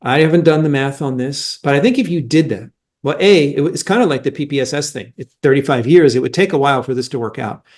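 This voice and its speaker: A middle-aged man speaks as a market analyst in an interview, his voice sitting slightly high for a man. He argues his points emphatically and often restarts his sentences as he explains. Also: quick pace, a little mellow. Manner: emphatic, argumentative, with frequent restarts. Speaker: mining analyst guest.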